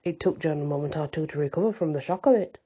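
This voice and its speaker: A woman reading a classic novel aloud in measured storytelling. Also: low voice, dark tone, husky, muffled recording. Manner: measured, old-fashioned storytelling. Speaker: audiobook reader. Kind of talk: scripted narration.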